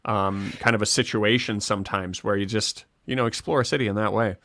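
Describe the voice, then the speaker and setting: A Canadian man co-hosting a live stream in casual chat, chatty and quick to laugh. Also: on the low side, steady tone, a bit bright, no room sound, clean studio sound. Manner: chatty, restarts often, laughs easily.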